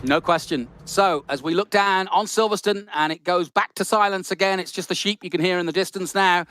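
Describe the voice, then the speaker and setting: A man commentating an esports race, excitable and jokey, swinging from loud calls to quiet asides. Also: sits high, brisk, a little hiss or hum. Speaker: lead commentator.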